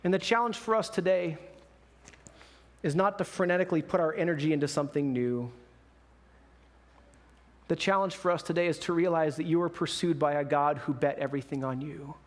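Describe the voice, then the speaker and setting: A male pastor giving a sermon, telling a story in a lively way and acting out the people in it. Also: fairly high pitch, normal speed, pauses often. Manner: lively storytelling with quoted voices. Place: church sanctuary. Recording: echoey church hall.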